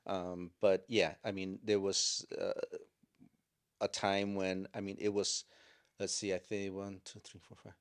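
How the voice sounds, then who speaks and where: An older man speaks in a somewhat low voice as a chaplain recounting his experiences. He talks haltingly, filling gaps and starting over as he goes. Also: level tone, clear, resonant tone. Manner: halting, with many fillers and restarts. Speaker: chaplain and guest. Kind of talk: storytelling interview.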